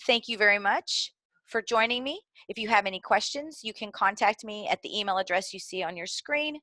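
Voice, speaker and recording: A woman's voice: mid-range voice, lively intonation, fairly quick, pushed and bright, no room sound. A middle-aged woman with a Southern American accent, explaining early literacy skills to teachers in an earnest, instructional way. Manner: earnest, explanatory, occasional fillers and restarts.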